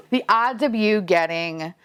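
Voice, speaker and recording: A woman's voice: low voice, animated, normal speed, a bit bright. A young adult woman chatting casually through a toy unboxing, gushing, gasping and swearing casually. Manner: gushing, gasps and squeals at each reveal, swears casually. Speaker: unboxing vlogger.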